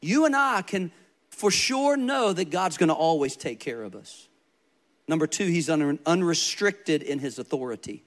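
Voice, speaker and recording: Emphatic preaching man, higher voice. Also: lively intonation, moderate pace. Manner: storytelling, emphatic repetition. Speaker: pastor. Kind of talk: sermon.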